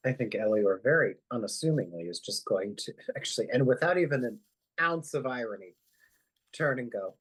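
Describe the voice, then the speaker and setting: A man's voice: mid-range voice, expressive, normal speed, fairly bright tone, husky. A man playing a tabletop game, sounding tired and self-mocking. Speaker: player. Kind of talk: casual play.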